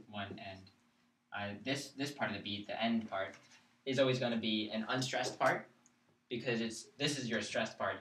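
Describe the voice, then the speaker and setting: With a lowish, fairly bright voice, a man leads a chant class live-streamed from a classroom, patiently explaining and making sure his students are keeping up. The room is echoey, and he's far from the mic.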